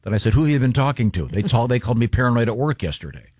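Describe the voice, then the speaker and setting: A man's voice: medium pitch, lively intonation, very fast, a little mellow, dry recording, clean studio sound. A man hosting a casual group talk show, rambling and self-mocking with many restarts.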